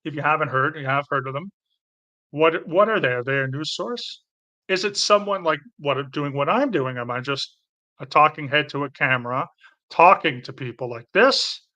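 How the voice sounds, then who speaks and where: Hosting a casual livestream, a man with a light Canadian accent answers comments in a fairly high, sharp voice at a moderate pace. He rambles a little and often restarts his sentences.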